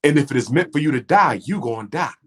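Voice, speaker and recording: A middle-aged man talks like a preacher, his voice swinging widely in pitch as he drives each point home. He sits a little higher than most men and uses repetition and rhythm to build. It is an impassioned talk, not a script. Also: lively intonation, fast talker. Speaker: guest speaker. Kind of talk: impassioned lecture in conversation.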